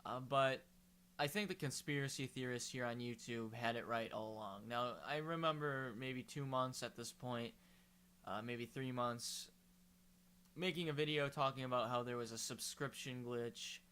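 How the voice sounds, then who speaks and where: Rambling man with a bright, smooth voice. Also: medium pitch. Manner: rambling, hesitant, with many fillers. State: hiccuping. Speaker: YouTuber. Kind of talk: casual vlog commentary.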